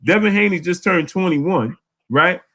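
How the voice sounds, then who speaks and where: A man hosting a casual live boxing chat, animated, often repeating words. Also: high voice, measured pace. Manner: animated, repeats words, reads super chats aloud. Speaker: boxing channel host.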